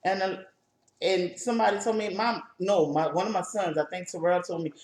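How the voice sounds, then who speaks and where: A woman with a New Orleans accent telling a story in casual chat, lively and animated, acting out the people in it. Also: on the low side, a little fast, reverberant. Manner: lively, animated, acts out voices in her stories. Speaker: co-host.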